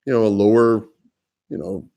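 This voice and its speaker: A man with a lower voice, a real estate agent hosting a live prospecting podcast, talking in a casual, folksy, rambling way with restarts. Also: fairly even intonation, normal speed, gravelly, mellow. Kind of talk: live phone prospecting session with coaching asides.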